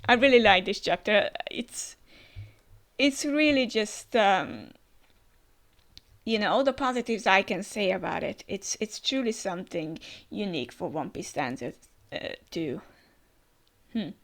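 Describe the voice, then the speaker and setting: A woman's voice: medium pitch, expressive, a little slow, long pauses, fairly bright tone. A woman hosting a casual comic reaction, speaking enthusiastically with frequent fillers and restarts. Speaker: reaction channel host.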